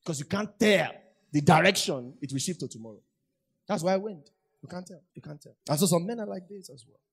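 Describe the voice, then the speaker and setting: A man's voice: high voice, fairly quick, vocal fry, husky. A man preaching a sermon, repeating phrases for emphasis and asking the congregation rhetorical questions. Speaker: pastor.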